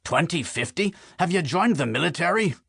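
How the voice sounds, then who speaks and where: Man doing a teasing older man, dry needling manner, audiobook voice, slightly high, close dry sound. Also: animated, moderate pace, gravelly, fairly bright tone, husky, dry recording, exaggerated voice. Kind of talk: audiobook character voice.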